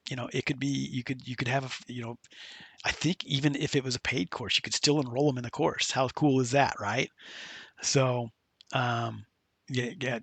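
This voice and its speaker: A man hosting a casual screen-share software tutorial, chatty and loose, with many fillers and restarts. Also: medium pitch, vocal fry, breathy edge, dry recording. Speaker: tutorial host.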